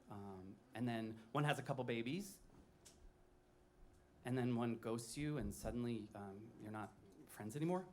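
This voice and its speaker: A man's voice: mid-range voice, slight background noise. A man in his late thirties doing wry, self-deprecating cabaret patter and show tunes on a live stage. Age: 30s. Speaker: cabaret performer. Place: music venue stage.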